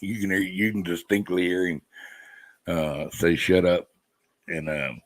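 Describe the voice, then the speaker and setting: A man's voice: deep voice, a little slow, low-quality recording. A man chatting casually with viewers on a live stream, easygoing and rambling. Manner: easygoing, rambling, laid-back.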